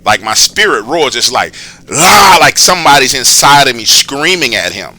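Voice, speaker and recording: Dude telling a wild personal story, super bright voice, swings up and down a lot, swears a bunch and acts stuff out loud. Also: male voice, mid-range voice, moderate pace. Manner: animated, profane, slangy, re-enacts scenes loudly. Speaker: channel host telling personal stories. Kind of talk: casual storytelling monologue.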